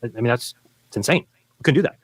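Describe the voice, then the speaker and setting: A man who used to be a flat earther arguing in a debate, explaining insistently and acting out what other people say. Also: medium pitch, husky, dry recording. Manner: rapid, insistent explaining with quoted voices. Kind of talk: debate argument played from a recorded stream.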